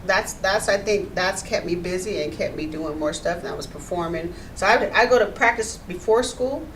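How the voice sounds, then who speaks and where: A woman guest telling her life story in a casual chat, animated and quick to act out quotes. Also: on the low side. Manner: animated storyteller, laughs often, acts out quotes. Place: radio studio. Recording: distant mic with faint background noise.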